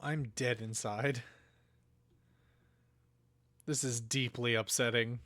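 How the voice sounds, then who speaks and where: A man's voice: mid-range voice, steady tone, takes it slowly, fairly bright tone, dry recording. A young man hosting a let's play, reacting with dramatic, exaggerated outrage and sorrow in casual gameplay commentary.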